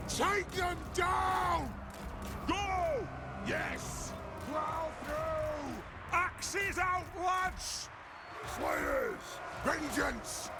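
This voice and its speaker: A man voicing gruff, battle-hardened male dwarf soldiers who shout war cries in a video game. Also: very high voice, full character voice. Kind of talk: video game unit barks. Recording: loud battle noise behind.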